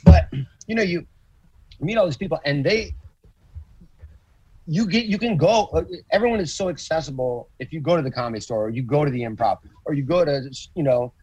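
Husky man, animated and profane. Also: fairly high pitch, a little fast, no echo, muffled recording. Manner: profane, animated storytelling with acted quotes. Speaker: comedian guest. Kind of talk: casual podcast chat.

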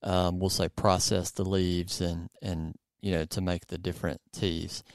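Podcast host guy, really low and smooth, laid-back upbeat chat. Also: a little slow, no room sound, studio quality. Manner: relaxed, upbeat, with fillers and restarts.

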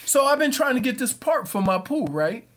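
A male radio co-host with a notably high voice. He tells everyday stories in an animated, chatty way, building each one up as he goes. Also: normal speed. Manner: animated storyteller. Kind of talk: casual sports radio chat.

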